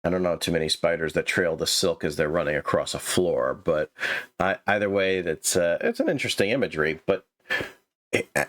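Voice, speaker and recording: A man's voice: deep voice, animated, fairly quick, fairly bright tone. A man hosting a show that critiques manuscripts, giving blunt, corrective notes with stammering restarts. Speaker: writing critic host.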